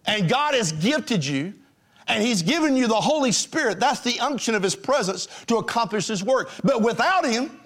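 Pastor guy preaching, high voice that jumps all over, folksy, talks right at the congregation. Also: moderate pace. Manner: animated preaching, swinging between high emphatic lines and low hushed ones; folksy, addresses the congregation directly. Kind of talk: sermon.

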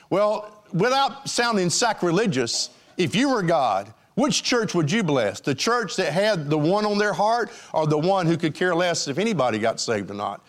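A man's voice: fairly high pitch, big pitch swings, moderate pace. A man preaching a sermon in a congregation, with an emphatic, rising and falling cadence and frequent fillers.

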